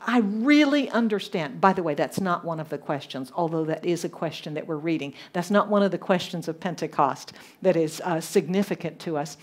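Southern American woman preaching a sermon. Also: fairly low pitch. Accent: Southern American, softened. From Southern United States. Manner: animated, asks the congregation questions. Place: church congregation abroad.

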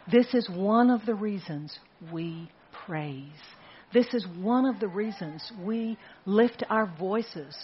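A woman pastor preaching a sermon in a church, emphatic, with repeated phrases and slow, dramatic stresses. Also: on the low side, muffled recording, slight background noise. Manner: emphatic, rhetorical repetition with dramatic slowdowns. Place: church sanctuary.

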